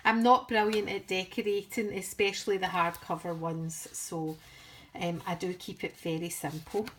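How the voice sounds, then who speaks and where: A woman's voice: fairly low pitch, level tone, moderate pace, slight background noise. A woman from the United Kingdom chatting through a craft project in a casual, rambling, self-deprecating way. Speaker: craft vlogger. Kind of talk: casual craft show-and-tell.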